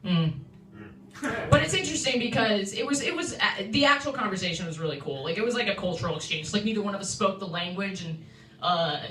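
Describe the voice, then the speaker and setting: Bright, laughing woman comic in echoey room. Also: medium pitch, lively intonation, quick pace. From New York City. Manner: chatty, self-interrupting, laughs at own jokes. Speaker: stand-up comedian. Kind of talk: stand-up set at an open mic. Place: small comedy room indoors. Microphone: phone livestream from the room. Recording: echoey room, far from phone mic.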